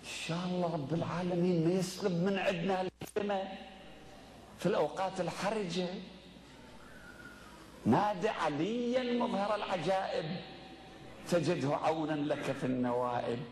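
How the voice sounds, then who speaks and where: A man's voice: high voice, very fast, pauses often, a little mellow, a little hiss or hum. A man giving a passionate, rhythmic, repetitive speech in a played clip. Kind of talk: impassioned speech. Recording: echoey, distant clip audio.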